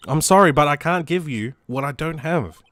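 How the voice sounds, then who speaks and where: A man doing a calm woman lawyer. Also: fairly high pitch, no room sound, close to an everyday voice. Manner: gentle, measured, softly teasing. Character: calm, composed young woman lawyer, older sister.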